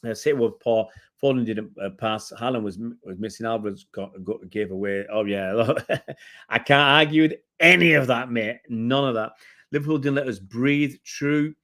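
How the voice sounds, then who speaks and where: A man's voice: medium pitch, normal speed, a bit bright. A middle-aged man hosting a fan channel's casual live-stream match review, chatting in a rambling way and answering viewer comments as he reads them out. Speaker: football fan channel host.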